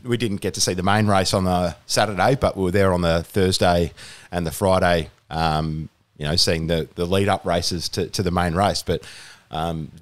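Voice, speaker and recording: A man's voice: low-pitched, fairly even intonation, normal speed, few pauses. A young Australian man as a podcast guest, chatting casually with lots of fillers and restarts. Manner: rambling, many fillers and restarts. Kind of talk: casual chat.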